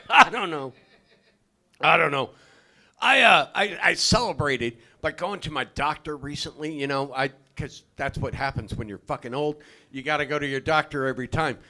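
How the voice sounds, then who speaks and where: An older man doing a stand-up comedy set in a club, loud and profane, often shouting his punchlines. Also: a little high, big pitch swings, normal speed. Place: comedy club stage, live audience.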